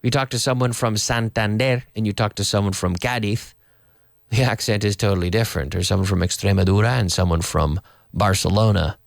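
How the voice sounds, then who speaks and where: In a radio studio, a Canadian English teacher with a Canadian English accent explains things casually, rambling a little and spelling words out letter by letter. His fairly low voice is brisk and creaky with fairly even intonation, and the studio-quality sound has no echo.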